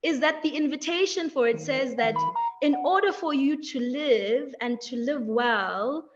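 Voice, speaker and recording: A young woman with a high voice gives a reflective motivational talk, letting her phrases stretch out and tagging them with "right?". The audio is a bit dull and muffled, like a typical webinar call. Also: over music. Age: young adult. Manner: measured, drawn-out phrasing, frequent "like" and "right?". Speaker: webinar speaker.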